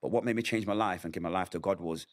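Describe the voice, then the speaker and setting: In a sit-down interview, a middle-aged man with a low voice tells his own hard story at a quick pace. He is candid and emotional, acting out what people said with vivid quotes.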